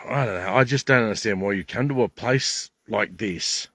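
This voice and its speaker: A man's voice: fairly low pitch, normal speed, a bit bright, dry recording. Older man, Australian accent, angry swearing rant, outdoor campsite, dry close sound. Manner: swearing, indignant, rambling. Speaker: vlogger.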